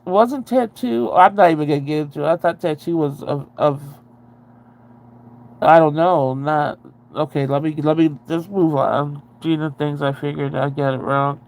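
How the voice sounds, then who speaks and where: A woman's voice: low-pitched, steady tone, unhurried, a little mellow. A woman hosting a casual livestream, rambling and chatty as she answers viewer comments and swears freely. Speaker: livestream host.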